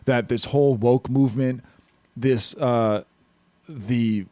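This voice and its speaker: A man's voice: medium pitch, fairly even intonation, slow, darkish tone, no room sound. A man hosting a casual podcast chat, rambling and restarting sentences as he tells comedy stories. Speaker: podcast host.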